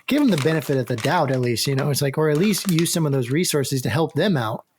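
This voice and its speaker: A man's voice: fairly high pitch, expressive, fast, a little hiss or hum. A man hosting a podcast, chatting in a laid-back way with lots of fillers. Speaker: podcast host. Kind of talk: casual chat.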